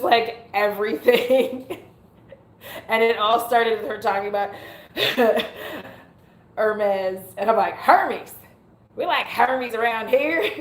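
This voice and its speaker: A young adult woman chatting casually on her livestream, giggling, mocking herself and swearing freely. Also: medium pitch. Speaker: beauty YouTuber hosting a livestream. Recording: roomy echo.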